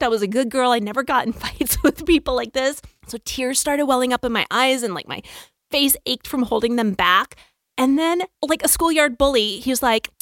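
A woman telling a personal story in a casual, animated way, acting out the dialogue and swearing freely. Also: on the high side, no echo, studio quality.

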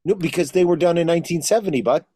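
A man co-hosting a casual podcast, chatty and quick to laugh. His voice is a bit higher than most men's. The recording is dry, with no room echo. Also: mellow, slightly rough.

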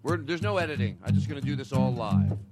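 A man's voice: medium pitch, lively intonation, fast, over loud music. A man hosting a loose comedy podcast, rambling, laughing often and trailing off mid-sentence. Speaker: host.

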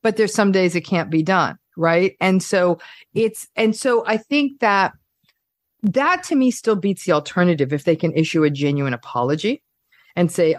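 A woman clinical psychologist talking casually on a podcast, animated and playful, acting out everyday examples. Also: fairly low pitch, moderate pace, no echo, studio quality.

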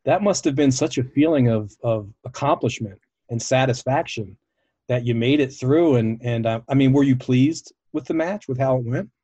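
A man's voice: mid-range voice, moderate pace, warm tone, breathy edge, no echo, highs cut off. Man interviewer with dry close sound. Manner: friendly, asks long rambling questions. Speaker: podcast host, interviewer. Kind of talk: casual interview.

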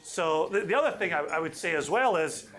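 A man leading a whisky tasting for a live audience, chatty and enthusiastic with quick asides. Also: a little high, animated, fairly bright tone.

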